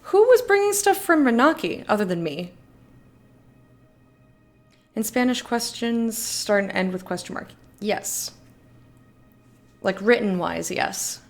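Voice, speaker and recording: A woman's voice: medium pitch, lively intonation, slow, creaky, pauses often, faint music behind. A young woman casually commenting on a video game as she plays, reading its dialogue aloud between her own thoughts. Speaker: streamer. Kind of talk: casual let's-play commentary.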